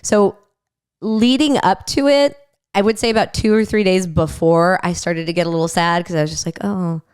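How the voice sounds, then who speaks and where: A woman's voice: fairly low pitch, steady tone, normal speed, a little mellow, clean tone, no echo, clean studio sound. A young woman guest on a podcast, candidly telling personal stories with light laughter. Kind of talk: casual chat.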